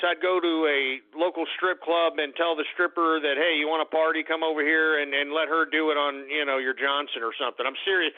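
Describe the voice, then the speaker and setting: A man from Texas hosting a call-in radio show, loud and blustering, trading insults with callers. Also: a little high. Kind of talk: brash call-in radio banter. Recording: phone-like lo-fi radio broadcast.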